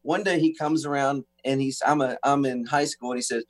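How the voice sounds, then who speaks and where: A man from the United States, a guest on a talk show, telling an animated story with acted-out quotes and frequent restarts. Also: medium pitch, a little fast. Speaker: guest musician.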